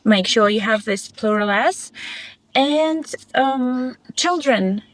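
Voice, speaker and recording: Woman examiner, higher voice, upbeat feedback, dry sound. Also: no room sound. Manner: encouraging, frequent laughs, quick bursts. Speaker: IELTS speaking examiner. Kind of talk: mock exam feedback.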